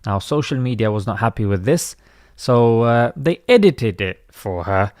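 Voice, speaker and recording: A man talks through a string of social media posts, chatty and ready with his own opinions. His voice sits at an ordinary pitch for a man. The sound is dry and close, with no room around it. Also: animated, a little slow, a little mellow, no echo. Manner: conversational, opinionated. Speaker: commentator.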